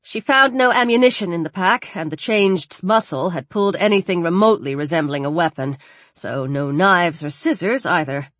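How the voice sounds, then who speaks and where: A woman reading a thriller audiobook aloud with expressive, varied delivery. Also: on the low side, normal speed, no echo. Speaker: audiobook narrator. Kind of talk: scripted audiobook narration.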